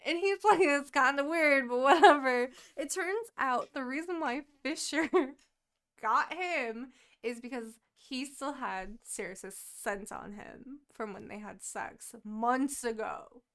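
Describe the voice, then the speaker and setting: A young woman recaps a book for a podcast, her voice sitting a little high. She talks in a casual, animated way, laughs often, swears freely and slips into quick quoted lines for the characters. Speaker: podcast co-host.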